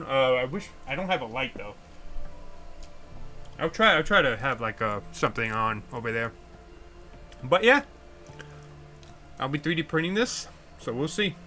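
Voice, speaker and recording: A man's voice: fairly high pitch, bright, forceful tone. Swearing, rambling young man streamer. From United States. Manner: rambling, heavy swearing, ranting. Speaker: livestream host. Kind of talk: casual livestream chat.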